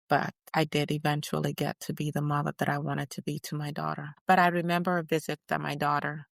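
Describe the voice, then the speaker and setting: Woman cast as a defiant older activist: gravelly low voice, emphatic measured storytelling. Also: dry recording, studio quality. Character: older female activist recounting prison years, defiant. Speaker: guest portrayed in interview. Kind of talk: first-person dramatized interview.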